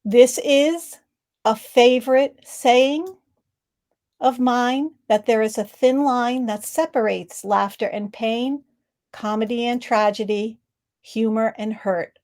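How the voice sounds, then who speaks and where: A woman's voice: a little high, steady tone, takes it slowly, a little mellow. A woman giving an online presentation on laughter and leading laughter exercises, talking upbeat over a video call. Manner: upbeat, demonstrates rhythmic ho ha he laughter sounds.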